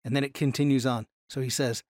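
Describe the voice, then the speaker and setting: A man teaching a Bible class from slides in an animated way, slowing down to stress key phrases. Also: medium pitch, no echo, studio quality.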